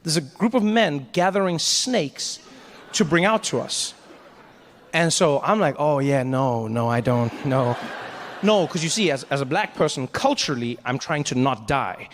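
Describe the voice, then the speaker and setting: Animated, high-voiced male stand-up comedian. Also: long reverb tail, a little hiss or hum. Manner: animated, fast storytelling with acted voices. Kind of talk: stand-up storytelling.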